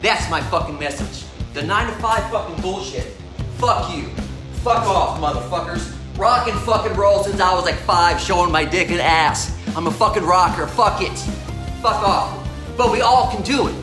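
A man talking in an unscripted vlog from his home garage, brash, loud and hyped, swearing constantly. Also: high voice, moderate pace, music in the background. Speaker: mindset coach and vlogger. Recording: roomy garage echo.

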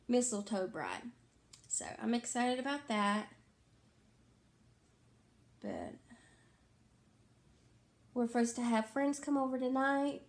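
A woman with a slightly higher voice chats casually about her reading. She sounds tired and rambles, backtracking and correcting herself with lots of fillers. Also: darkish tone. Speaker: book vlogger. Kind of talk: casual book chat to camera.

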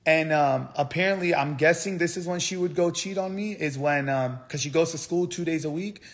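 A man's voice: fairly high pitch, moderate pace. A young man telling a heated story on a livestream, swearing often and repeating himself as he rants. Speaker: streamer.

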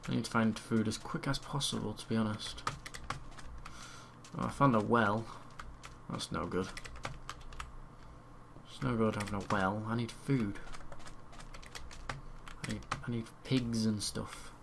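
In a gravelly voice on the low side, a young let's play gamer talks a little slowly with long pauses, casually commenting and repeating words to himself as he plays. The background is noisy, with loud keyboard typing picked up by his home mic.

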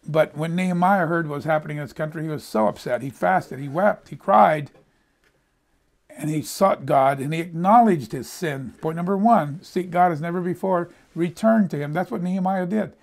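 This older American preacher's voice sits on the high side, with vocal fry and a normal speed. He tells personal stories in a conversational sermon, repeating words whenever he stumbles.

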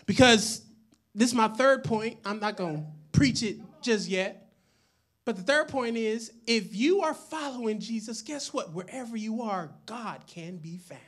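A man delivers a sermon at a high pitch for his sex, calling out to a live congregation for responses. He swings between shouted declarations and hushed asides, breaking into chatty, joking stories. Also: animated, measured pace. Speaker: pastor. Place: church service with live congregation.

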